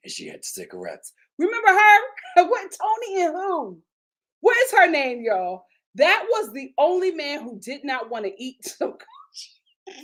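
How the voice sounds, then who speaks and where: Female host, high and lively voice, gossipy live TV review, frequent laughter. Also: poor audio. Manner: gossipy, animated, laughs often. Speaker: TV show reviewer, channel host. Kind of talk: live reality-show review.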